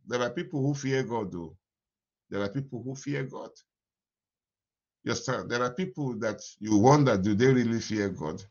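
A man preaching an animated morning devotion sermon as pastor, repeating his phrases and laughing often. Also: medium pitch, breathy edge, dull audio.

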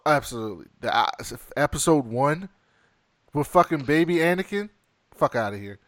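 A man co-hosting a casual movie review chat, reading off a list and adding quick casual opinions. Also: fairly high pitch, lively intonation, a bit bright, no echo. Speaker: podcast co-host.

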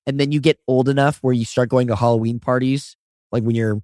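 A man in his twenties co-hosting a podcast in casual chat, telling stories with lively high-voiced impressions of people. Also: brisk, dry recording, clean studio sound. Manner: animated storyteller, does high-pitched impressions of others. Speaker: podcast co-host.

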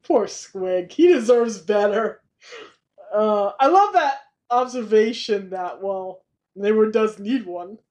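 A woman's voice: mid-range voice, animated, takes it slowly, a little mellow. A woman co-hosting a podcast, chatting casually and enthusiastically about a sitcom episode and laughing often. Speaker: podcast co-host.

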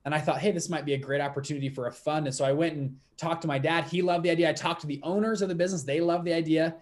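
A young man in his twenties, a podcast guest telling his story in a lively, quick, laughing way. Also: fairly high pitch. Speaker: podcast guest, fund manager. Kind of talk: casual storytelling interview.

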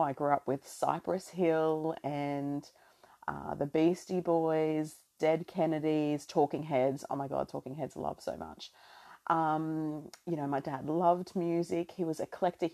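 A woman's voice: deep voice, mellow. An Australian woman in her thirties hosting a podcast, talking in a reflective, emotional spiritual monologue with many fillers. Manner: reflective and emotional, full of "you know" fillers. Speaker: podcast host.

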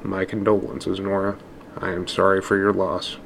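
A man's voice: deep voice, completely flat delivery, moderate pace, gravelly, fairly bright tone, slight background noise. A man voicing a smug, callous estranged father who talks with mocking amusement.

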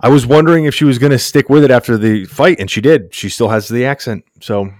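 A man's voice: mid-range voice, fast, darkish tone, dry recording, clean studio sound. A man co-hosting a casual sports podcast, laid-back and slangy, rambling through recaps. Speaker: podcast co-host.

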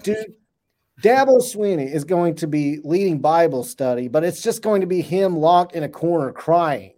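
This is a man on a casual sports podcast, his voice sitting a little high. He gets worked up and fires off playful trash talk in quick bursts. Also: a little mellow. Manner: hyped, joking trash talk, rapid bursts. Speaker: podcast co-host. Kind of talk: excited sports podcast chat.

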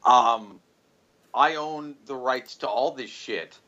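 A man's voice: mid-range voice, takes it slowly, pushed and bright, highs cut off. A man co-hosting a podcast in loose, profane, joking chat while drinking. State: tipsy, drinking. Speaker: podcast co-host.

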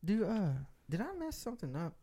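A man's voice: sits high, very animated, brisk, warm tone. A young man telling a rambling story in a casual podcast chat, laughing and acting out the voices of other people.

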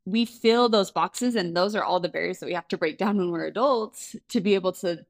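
A woman's voice: lowish voice, fairly quick. A woman co-hosting a parenting podcast, speaking in a reflective, supportive way. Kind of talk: casual parenting podcast chat.

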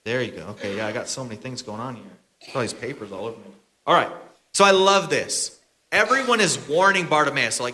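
Bright-voiced male pastor telling a story. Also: mid-range voice, lively intonation, brisk. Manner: casual, chatty, bantering with the congregation. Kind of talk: storytelling sermon.

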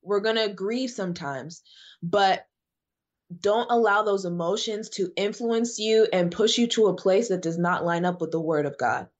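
A woman's voice: medium pitch, moderate pace. Emphatic woman preaching, slightly dull sound. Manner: emphatic, repeats phrases for emphasis. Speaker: guest evangelist. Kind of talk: preaching in a podcast conversation.

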